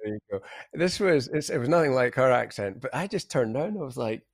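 A man's voice: mid-range voice, expressive, quick pace, dry recording, clean studio sound. A man hosting an interview, chatting casually and telling rambling travel stories. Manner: rambling, anecdotal storyteller. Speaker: podcast host.

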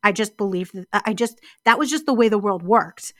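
A woman's voice: mid-range voice, a bit bright, no room sound, clean studio sound. Reflective woman on a podcast. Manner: reflective, storytelling, slows down on key words. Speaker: podcast co-host. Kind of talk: casual conversational podcast.

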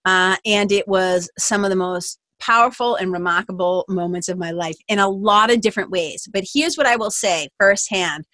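A woman podcast host telling a personal story in a casual, animated way, full of "like" and the odd swear word. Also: medium pitch, normal speed, hardly any pauses, no room sound.

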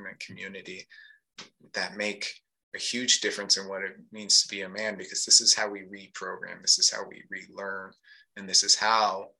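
An earnest man co-hosting a live discussion and talking in a reflective, casual way. His voice sits a little low and stays level, with a very bright, forceful tone. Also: low-quality recording. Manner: earnest, thoughtful, many fillers. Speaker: podcast co-host.

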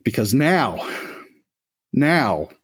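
A man's voice: medium pitch, very animated, drawn-out words, husky, heavily acted. A man doing a menacing vampire leader. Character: menacing male vampire leader threatening revenge.

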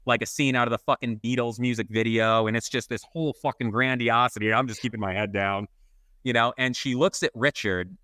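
A man's voice: mid-range voice, sharp tone, dry recording, studio quality. A man co-hosting a podcast in casual chat, telling a rambling, self-mocking anecdote and swearing freely. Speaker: podcast co-host, photographer.

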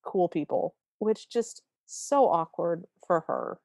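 Woman with a lowish voice chatting through a movie plot, acts out the lines, dry sound. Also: slow, no echo. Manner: animated storytelling, acts out quoted lines. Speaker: podcast co-host. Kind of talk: casual movie recap chat.

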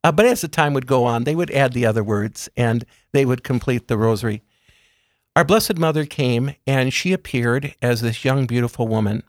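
Measured man explaining gently. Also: mid-range voice, no room sound, studio quality. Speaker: guest speaker on religious topics. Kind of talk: calm explanatory interview talk.

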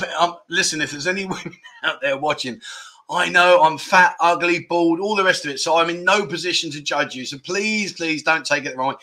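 Hosting a casual livestream, a man from England speaks in a sharp, slightly high voice. He reads viewers' comments aloud between bouts of rambling, self-deprecating banter.

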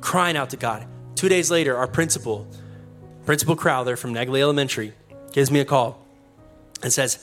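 Animated storytelling male pastor. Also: mid-range voice, a little fast, pauses often, soft background music. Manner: animated, laughing, self-mocking. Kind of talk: storytelling sermon.

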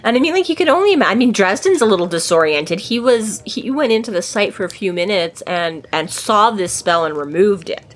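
A woman's voice: medium pitch, lively intonation, fairly quick, few pauses. A woman on a casual book-discussion podcast, retelling scenes in a rambling way with lots of fillers and quoted lines. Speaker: podcast co-host.

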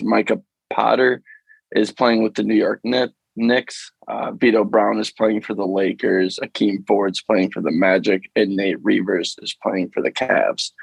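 A low, gravelly-voiced man, talking sports on a podcast. His voice is husky, and he rambles along casually with plenty of fillers. The sound is close and dry. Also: no room sound, poor audio. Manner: easygoing, rambling, many fillers. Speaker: podcast co-host.

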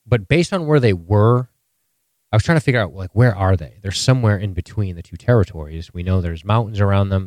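A man's voice: on the low side, a little mellow, no room sound. A man co-hosting a casual podcast, reasoning things through with jokes and casual swearing. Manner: analytical, joking, swears casually. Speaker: podcast co-host.

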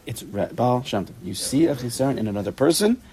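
A man teaching an informal Torah study class, animated, repeating himself and restarting sentences, mixing in Hebrew and Yiddish terms. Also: medium pitch, quick pace. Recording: recorded in a study room for a tape.

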